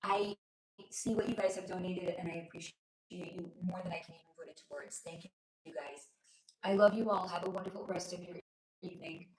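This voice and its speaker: A woman's voice: on the low side, fairly even intonation, a little fast, a little mellow, echoey room, rough recording. A woman hosting a casual livestream at home, chatting affectionately with viewers and reading their comments while losing her voice. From lives in Los Angeles. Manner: chatty, affectionate, reads chat aloud. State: losing her voice, sore throat. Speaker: livestream host, spiritual reader. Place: home room.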